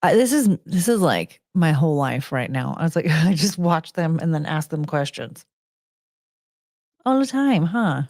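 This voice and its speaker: A woman chatting away casually with her audience, her voice set close and dry with no room sound. She drifts into soft, cooing baby talk for her dogs, laughs often and lets her sentences trail off. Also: deep voice, animated, normal speed, few pauses, dry recording. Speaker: streamer hosting her own show. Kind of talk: casual chat with viewers.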